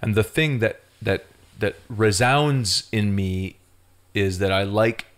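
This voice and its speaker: Man, deep low voice, casual podcast chat, rambling playful storyteller. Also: slow pace. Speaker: podcast co-host.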